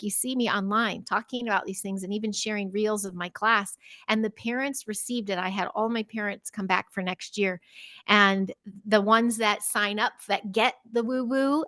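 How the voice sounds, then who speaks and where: A middle-aged woman and teacher, chatting as a podcast guest, telling lively stories and acting out children's voices with frequent laughter. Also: mid-range voice, no echo. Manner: animated storyteller, acts out children's voices, laughs often. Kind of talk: casual interview chat.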